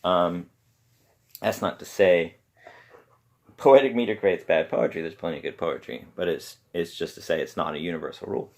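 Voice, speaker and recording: Male podcast host, very low and gravelly, rambles through a casual talk at home. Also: darkish tone. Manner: rambling, halting with many pauses. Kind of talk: casual solo talk on poetry. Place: home room with pets around.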